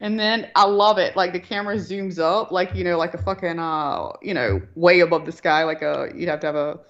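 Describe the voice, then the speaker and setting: A woman's voice: on the low side, fairly quick, a bit bright. A woman telling a rambling, profane story in casual chat. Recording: dull lo-fi line.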